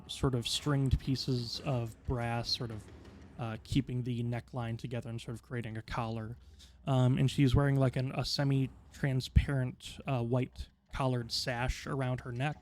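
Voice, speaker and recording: A man runs a tabletop game session, describing the scenery at length. His delivery is rambling and filler-heavy, and his voice sits at a mid pitch. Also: level tone, unhurried, a little mellow, a little hiss or hum. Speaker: game master.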